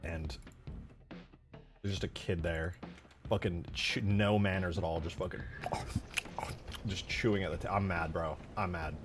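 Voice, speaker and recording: A man's voice: low voice, fairly even intonation, measured pace, pauses often, music in the background. A young man streaming while he mods a game, casually ranting and swearing as he talks to his chat.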